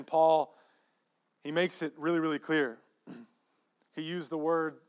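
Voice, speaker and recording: Male pastor, high tenor, emphatic repetitive sermon delivery with soft-to-loud swings. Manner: emphatic, repeats phrases, swings between soft asides and loud peaks.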